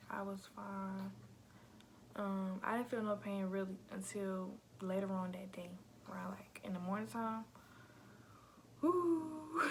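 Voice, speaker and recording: A young woman chats to her camera in a loose, slangy storytime voice with a gravelly vocal fry. She keeps calling her viewers y'all and often sinks into a soft whisper as she talks. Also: medium pitch, a little hiss or hum. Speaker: vlogger telling her birth story.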